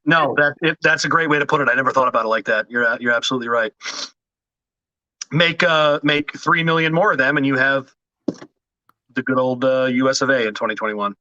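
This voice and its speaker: A man's voice: medium pitch, brisk, bright, forceful tone, dry recording, dull audio. A middle-aged man, chatting as a podcast host, swearing freely, laughing and rambling with restarts. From Washington DC area. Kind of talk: casual chat.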